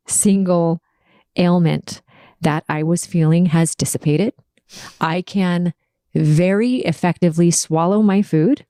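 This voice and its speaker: A woman with a lowish, mellow voice tells a personal story on her podcast. She speaks earnestly and emotionally, in a confessional tone, and the room sounds dry. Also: dry recording. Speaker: podcast host.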